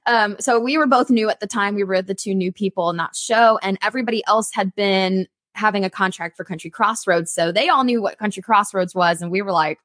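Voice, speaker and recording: A young adult woman who sings at a theme park tells her story in a casual interview, animated and chatty. Her medium-pitched voice moves briskly with few pauses, recorded in studio quality with no echo.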